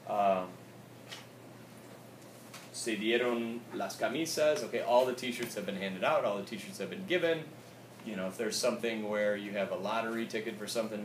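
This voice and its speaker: A man's voice: lowish voice, moderate pace. Man teaching, echoey and distant. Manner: casual, repeats "okay?" often, switches between English and Spanish. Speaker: Spanish teacher. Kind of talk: classroom grammar lesson. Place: classroom. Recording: echoey room recorded from afar, with noise.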